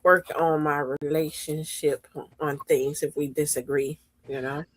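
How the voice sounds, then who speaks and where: A woman's voice: low-pitched, little pitch movement, a little slow, husky, no echo. A woman in a casual stream chat, easygoing and teasing with her friends.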